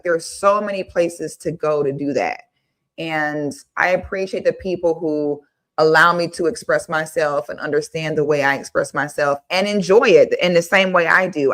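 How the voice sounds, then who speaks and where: Outspoken young woman host, low voice, casual livestream delivery. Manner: blunt and outspoken, thanks viewers warmly by name.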